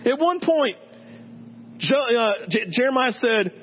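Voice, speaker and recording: Male pastor, very high voice, animated and humorous; muffled recording with faint hum. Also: slow pace, husky. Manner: animated, joking, acts out quoted voices. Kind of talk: sermon. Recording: dull sound with faint hum.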